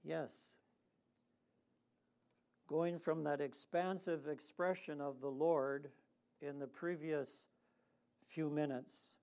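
Man preaching real slow, voice a bit high for a guy, lots of pauses, gets the crowd saying lines back. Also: fairly even intonation, vocal fry, a little mellow. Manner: leads the congregation in responsive reading. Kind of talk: sermon.

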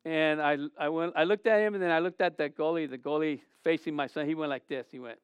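A middle-aged man delivers a laid-back sermon as pastor, moving between scripture and a personal story. His voice sits high and rings smooth, recorded close and dry with almost no room sound. He circles back on phrases and asks the congregation rhetorical questions. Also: steady tone, quick pace, no room sound. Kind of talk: conversational sermon.

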